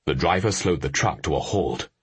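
Very deep, husky male narrator. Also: lively intonation, normal speed, dry recording. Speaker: audiobook narrator. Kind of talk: scripted narration.

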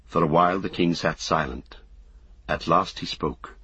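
A man narrating a story in a measured, solemn way. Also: sits low, sharp tone, breathy edge, no echo, lo-fi sound. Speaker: audiobook narrator. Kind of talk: scripted narration.

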